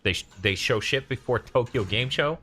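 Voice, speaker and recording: A man's voice: mid-range voice, normal speed, bright, forceful tone. A man streaming a video game playthrough, chatting casually and profanely with a co-player and reading out viewer chat. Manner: profane, joking, reads out chat.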